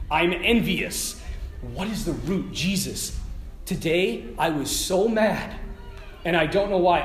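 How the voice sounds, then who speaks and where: Animated, laughing preacher in an echoey room. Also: male voice, on the high side. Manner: animated, laughing, conversational storyteller. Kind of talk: informal sermon.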